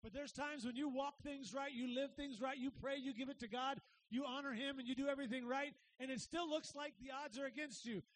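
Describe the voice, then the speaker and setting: A middle-aged man preaching a sermon as pastor, energetic and conversational, swinging from loud bursts to quiet asides and often asking "right?". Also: very high voice, fairly quick, hardly any pauses, rough recording.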